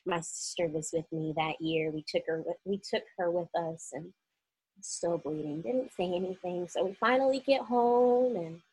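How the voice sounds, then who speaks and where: A woman's voice: on the low side, normal speed, darkish tone, slightly rough, rough recording. A young woman from Oklahoma telling a personal story in a casual vlog, acting out the voices of the people she quotes.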